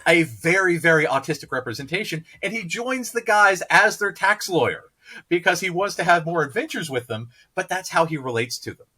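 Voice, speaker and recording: Podcast co-host, male, slightly high bright voice, enthusiastic, long run-on sentences. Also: expressive, brisk. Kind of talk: casual podcast chat.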